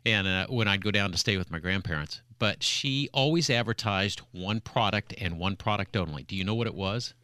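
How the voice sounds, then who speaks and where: A man's voice: lowish voice, normal speed, hardly any pauses, sharp tone, dry recording. A man hosting a home improvement call-in radio show, chatting in a folksy, storytelling way with callers and co-hosts. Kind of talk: casual call-in radio chat. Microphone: studio mic.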